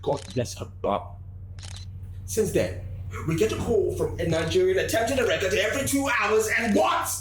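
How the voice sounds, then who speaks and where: An exasperated spokesman , played by a man, fronts a press conference and keeps erupting into shouted rants. The voice sits fairly high for a man. It is heard in a very echoey room with a faint hiss. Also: animated, normal speed, faint music behind. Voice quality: shouting rants with sudden outbursts. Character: exasperated male record-keeping spokesman, ranting. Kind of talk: sketch comedy acting.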